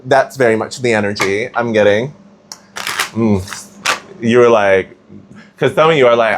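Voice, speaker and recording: A man's voice: mid-range voice, unhurried, long pauses, a little hiss or hum. A man giving a casual tarot reading, chatty and slangy, with plenty of filler words. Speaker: tarot reader.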